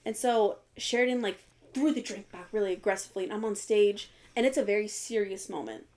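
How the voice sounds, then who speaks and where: A woman's voice: medium pitch, brisk. Giggly young woman telling theatre stories. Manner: animated storytelling, giggly. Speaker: podcast guest. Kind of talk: casual chat.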